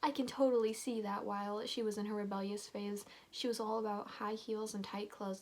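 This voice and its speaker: A woman's voice: mid-range voice, flat delivery, brisk, few pauses, darkish tone. A woman casually reading a story aloud and breaking off for snarky, giggly asides. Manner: snarky, giggly asides, loose slangy delivery. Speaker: YouTuber reading stories aloud. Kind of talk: casual read-aloud with sarcastic commentary.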